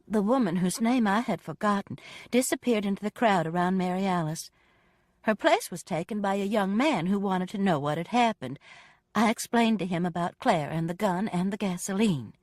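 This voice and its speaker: A woman narrating a first-person audiobook with expressive, dramatic storytelling. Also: medium pitch, normal speed, no room sound, clean studio sound.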